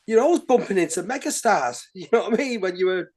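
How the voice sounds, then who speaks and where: Laid-back host chatting and asking questions, mid pitch, laughs a lot. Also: lively intonation, quick pace, a little mellow. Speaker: interviewer host. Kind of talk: casual interview questions.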